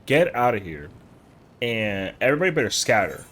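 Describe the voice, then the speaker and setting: Animated slangy male game streamer. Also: on the low side, moderate pace, faint music behind. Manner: rambling, slangy, answers chat. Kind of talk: casual live-stream chatter.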